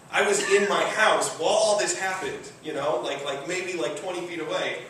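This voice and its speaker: A man from Michigan tells a true story on stage, casual and chuckling, with plenty of fillers. His voice sits a touch high for a man. It comes from some way off the mic and rings around a very echoey room. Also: normal speed, bright, forceful tone, recorded from a distance, a little hiss or hum. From Michigan, USA. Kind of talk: live comedic storytelling.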